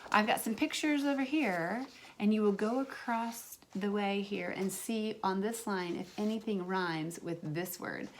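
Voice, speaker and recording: A woman's voice: medium pitch, unhurried, few pauses, a little hiss or hum. A woman teaching a remote lesson to young children as their kindergarten teacher, drawing out words in a sing-song way.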